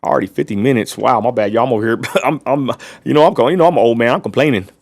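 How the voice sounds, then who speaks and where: A blunt West Texas man rants on his livestream and keeps turning back to his viewers. His voice sits at a middle pitch. The sound is dry and close, with no room echo. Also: very fast, vocal fry. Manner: blunt, ranting, addresses viewers as y'all. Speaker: livestream host. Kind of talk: casual livestream rant.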